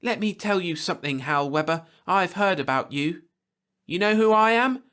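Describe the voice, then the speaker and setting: A man reading a storybook aloud, voicing a proud, fiery young frontier woman who talks in a sharp, lecturing way. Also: on the high side, lively intonation, unhurried, voice pushed up. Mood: angry, indignant.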